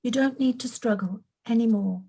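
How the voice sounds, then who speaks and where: A woman reading a gentle, determined little princess. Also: on the high side, normal speed, vocal fry, breathy edge, poor audio. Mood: soothing. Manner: gentle and soothing. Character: kind determined young princess girl. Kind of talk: storybook reading.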